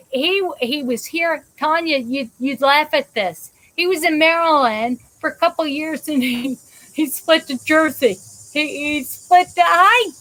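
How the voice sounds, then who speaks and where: A woman from the United States hosts a live show in a casual, rambling way, doubling back on her sentences and greeting viewers as they join. Her voice sits high. She takes her time getting to the point. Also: fairly bright tone, low-quality recording. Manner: rambling, chatty, many restarts, greets viewers by name. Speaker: host of a live interactive show. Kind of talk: casual live-stream chat.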